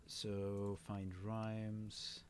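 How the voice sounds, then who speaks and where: A man's voice: on the low side, monotone, very slow, a little hiss or hum. A man hosting a casual livestream, musing aloud and reading word lists off the screen. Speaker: stream host.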